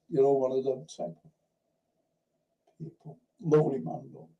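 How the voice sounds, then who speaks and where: Man, review-show host, raspy-gravelly low-timbred tone, rambling chatty storyteller, casual swearing. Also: little pitch movement, normal speed, pauses often, dark tone, low-quality recording. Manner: rambling anecdotal storytelling, frequent restarts. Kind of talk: casual livestream chat.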